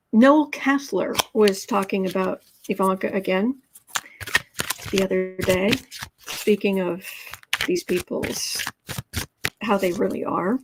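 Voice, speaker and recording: A woman talking through a livestream tarot reading, chatting with her viewers and reading their comments aloud. Her voice sits in a middle pitch, and her delivery is casual and chatty with dry, sarcastic asides. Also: background noise. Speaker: tarot reader host.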